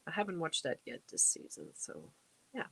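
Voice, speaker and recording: A woman's voice: sits low, wildly swooping pitch, moderate pace, creaky, slightly rough. A middle-aged woman hosting a casual livestream, chatting away and reading out and answering viewer comments. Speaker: livestream host. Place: home crafting space.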